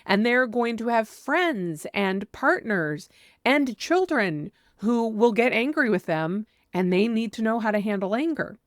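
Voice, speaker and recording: Woman, parenting coach, earnest and direct, fairly high voice, dry sound. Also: animated, measured pace, no room sound. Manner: earnest and direct, acting out parent lines with emphasis. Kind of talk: advice monologue.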